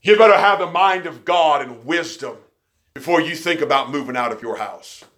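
A man preaching a sermon, telling stories with folksy, joking asides and swinging between quiet remarks and loud emphasis. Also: on the high side, lively intonation, normal speed.

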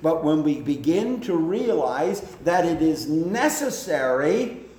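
A man preaching a sermon in a slow, deliberate way, building up in pitch and force at the high points. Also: big pitch swings, mellow, echoey room.

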